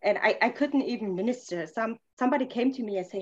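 A woman's voice: medium pitch, a little fast, dull audio. A woman speaking as a podcast guest, telling a personal story earnestly in non-native English, with many fillers and restarts. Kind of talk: personal testimony in a conversation.

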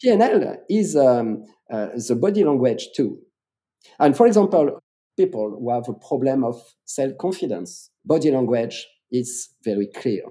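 A man's voice: medium pitch, expressive, moderate pace, warm tone. A man with a French accent, a public speaking coach explaining his methods in an interview, emphatic and repeating words for stress.

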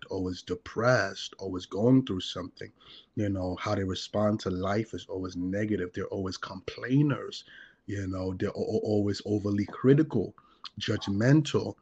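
A man's voice: low voice, breathy edge. A man who works as a deliverance minister, explaining his views earnestly in a conversational teaching style and building his points through repeated lists. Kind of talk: conversational teaching on a talk show.

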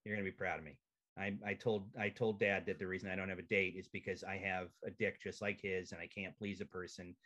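A male comedian telling a profane, animated comic story as a podcast guest over a video call. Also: low-pitched, fairly quick, few pauses, lo-fi sound.

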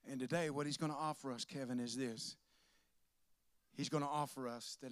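A man preaching a sermon as pastor, swinging between loud preaching and soft asides, with laughs. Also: medium pitch, steady tone, moderate pace, pauses often, dry recording.

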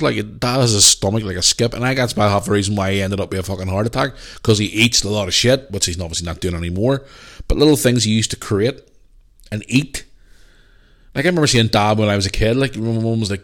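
A man hosting a podcast, chatting casually and telling animated, swear-filled stories. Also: on the low side. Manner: animated, swears freely, excitable. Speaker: podcast host. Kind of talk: casual chat, storytelling.

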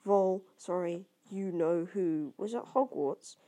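A woman's voice: lowish voice, slow pace, warm tone. A woman voicing a curious, unsure young boy wizard in an amateur audiobook reading, asking questions.

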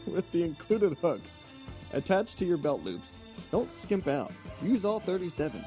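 A man reading a mock advertisement in a pitchman delivery. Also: darkish tone. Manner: pitchman delivery, breaking into laughter. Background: music bed.

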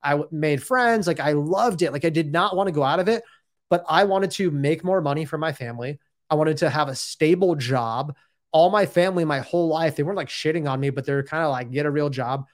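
A man's voice: a little high, a little fast. A man in his thirties telling his own story in a casual, rambling and candid way, often saying "dude" and "like".

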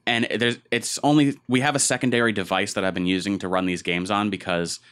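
A man with a fairly low, clean and resonant voice hosts a loose gaming chat. He rambles through his anecdotes and acts out what other people said along the way. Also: steady tone, a little fast, fairly bright tone, smooth. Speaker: podcast co-host.

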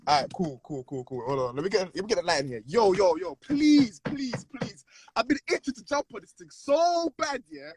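Ranting young man, very high voice. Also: moderate pace, a little mellow, slightly rough, no echo. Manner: worked-up, ranting, repeats himself, swears. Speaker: live stream guest. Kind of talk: heated live stream rant.

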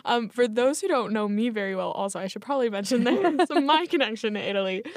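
Podcast host: upbeat young woman, higher voice, giggly, dry close sound. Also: animated, fast talker, no echo. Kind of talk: casual podcast chat.

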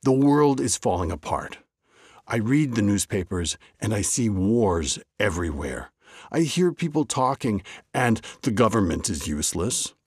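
A man's voice: lowish voice, big pitch swings, measured pace, a little mellow, breathy edge, no room sound, clean studio sound, pitched above the performer's own voice, heavily acted. A man playing a fretful worried baker. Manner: worried, exclaiming complaints. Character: anxious, fretful middle-aged male village baker. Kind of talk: storybook character voice.

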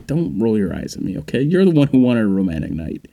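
A man's voice: lowish voice, sing-song, brisk, warm tone. A man doing a stand-up comedy bit, exasperated and swearing as he acts out a scene.

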